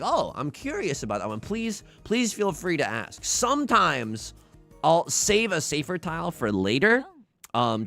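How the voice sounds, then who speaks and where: Male streamer, casual chat, bouncy pitch, a bit of fry, faint music underneath. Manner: animated, self-deprecating, frequent restarts.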